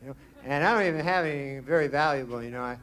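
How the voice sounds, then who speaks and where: Deadpan, rambling stand-up comedian. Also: male voice, medium pitch, very fast.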